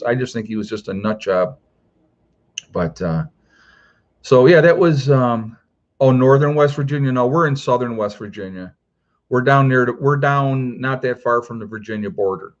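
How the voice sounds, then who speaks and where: Middle-aged male host, loose chatty storyteller, plenty of "you know", mid pitch, a bit lo-fi. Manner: rambling, many "you know" fillers. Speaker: prepper channel host. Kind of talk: casual livestream storytelling.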